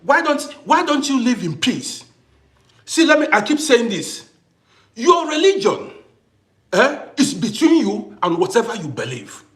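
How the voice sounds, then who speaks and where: High, lively-voiced man ranting emphatically. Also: a little slow. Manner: emphatic, repeats phrases for effect. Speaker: livestream host. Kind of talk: impassioned livestream monologue.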